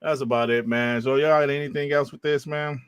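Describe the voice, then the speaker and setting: A man's voice: medium pitch, fairly even intonation, fairly quick, smooth, dry recording. Man, podcast host, casual and profane, dry close sound. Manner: loose and profane, calls others bro. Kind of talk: casual chat.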